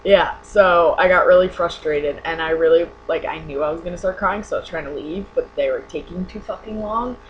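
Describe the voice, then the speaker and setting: A woman's voice: lowish voice, fairly quick, hardly any pauses, highs cut off, a little hiss or hum. A young adult woman in a casual webcam vlog, rambling and sarcastic, saying "like" a lot. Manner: rambling, sarcastic, heavy use of "like". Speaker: vlogger. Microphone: webcam mic.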